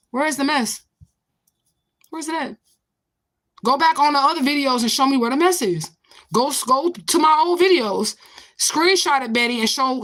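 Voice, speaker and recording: Fired-up high-voiced woman ranting. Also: pushed and bright. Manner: heated, sarcastic, profane, rapid-fire questioning. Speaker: livestream host. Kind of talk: angry livestream rant.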